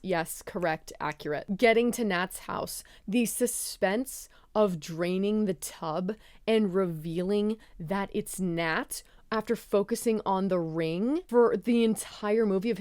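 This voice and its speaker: Woman, casual film review, profane and expressive, dry close sound. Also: medium pitch, clear, resonant tone, no room sound. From ex-Catholic.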